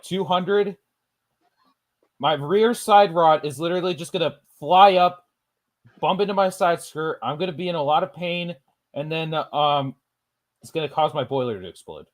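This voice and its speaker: A man with a slightly high voice, chatting with a friend over a game in a loose, easygoing way. He laughs easily and rambles as he talks. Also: moderate pace. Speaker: streamer. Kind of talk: casual gaming chat.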